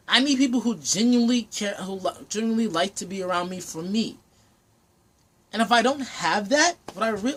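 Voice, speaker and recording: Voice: mid-range voice, fairly bright tone, husky. A young adult vlogger giving an earnest personal monologue, often repeating and rephrasing phrases while thinking aloud.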